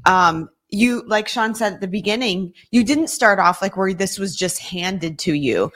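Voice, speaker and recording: A woman's voice: medium pitch, measured pace. Affirming woman co-hosting a podcast. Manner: warm, affirming, many mm-hmms. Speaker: co-host. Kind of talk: interview chat.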